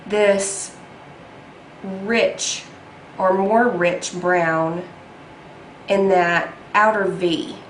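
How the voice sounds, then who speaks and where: Young woman vlogger, unhurried and chatty, talking through an eye makeup tutorial in a roomy space with a faint hum. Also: mid-range voice, steady tone. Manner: chatty and self-deprecating, with frequent ums. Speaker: beauty vlogger.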